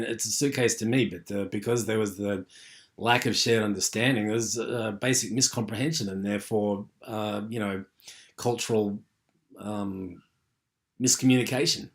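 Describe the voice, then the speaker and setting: A man's voice: fairly low pitch, moderate pace. A man giving an unscripted university lecture, rambling with many fillers and restarts.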